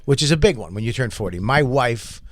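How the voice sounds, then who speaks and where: A comedian and podcast host in his forties tells stories in a casual, profane, animated way, acting out other people's lines as he goes. His medium-pitched voice is brisk and recorded dry at a close studio mic with no echo.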